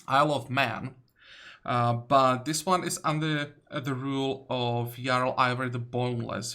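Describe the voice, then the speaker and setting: Slow, thinking-aloud man narrating a strategy game. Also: mid-range voice, bright, forceful tone. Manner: thinking aloud, many fillers and self-corrections. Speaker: let's play host. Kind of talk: casual gameplay commentary.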